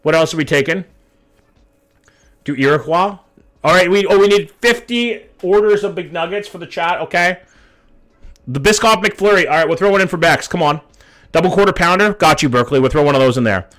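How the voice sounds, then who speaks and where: A man's voice: high-pitched, brisk, a bit bright. Profane casual man streaming. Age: 30s. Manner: casual, profane, reads chat aloud. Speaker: live streamer. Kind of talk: live stream reaction chat.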